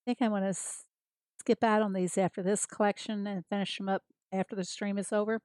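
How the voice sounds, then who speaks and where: A woman's voice: mid-range voice, flat delivery, a little fast, darkish tone, dry recording. An American woman chatting casually with viewers as she streams a farming game, greeting them by name and laughing often. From United States. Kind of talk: casual livestream chat.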